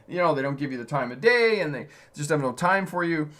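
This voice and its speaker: A man's voice: fairly high pitch, lively intonation, a little fast, fairly bright tone. A man voicing a chatty, complaining man in a told joke, talking about rude people. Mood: griping. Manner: griping, talkative.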